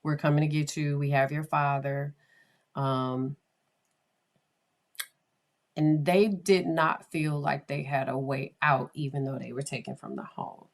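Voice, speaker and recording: A woman's voice: deep voice, lively intonation, measured pace, gravelly, long pauses. A woman hosting a podcast, casually telling an eerie true story with hesitant restarts and dropping to a whisper at times. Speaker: podcast host.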